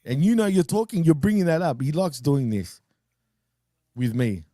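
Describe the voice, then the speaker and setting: A man's voice: a little high, big pitch swings, moderate pace, mellow, no room sound, clean studio sound. A man co-hosting a casual wrestling podcast, laughing often and telling loose stories full of "dude" and "man". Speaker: podcast co-host.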